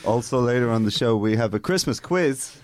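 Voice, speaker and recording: A man's voice: medium pitch, animated, a little fast. A man co-hosting a casual comedy chat, wry and teasing. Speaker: podcast co-host.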